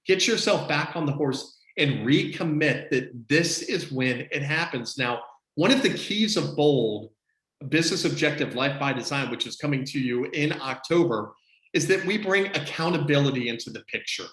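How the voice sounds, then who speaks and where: An upbeat man gives a motivational coaching talk, his voice sitting a bit high for a man. He leans on emphatic, preacher-like repetition to drive each point home. The sound is echoey, as if he is speaking on a call from a bare room. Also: expressive, normal speed, fairly bright tone. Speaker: business coach. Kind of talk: motivational team-meeting talk. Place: online video call.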